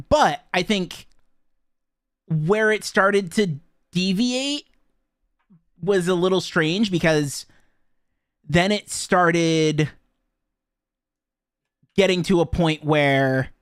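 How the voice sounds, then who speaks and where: Lively joking man on a podcast. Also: high voice, a little slow, pauses often, no room sound, clean studio sound. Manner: animated, joking, laughs often. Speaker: podcast co-host. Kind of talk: casual podcast chat about a game.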